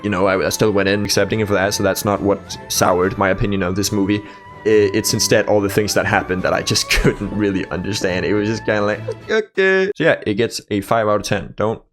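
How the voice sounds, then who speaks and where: A young man giving a casual movie review, blunt and sweary, with sarcastic asides. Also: fairly low pitch.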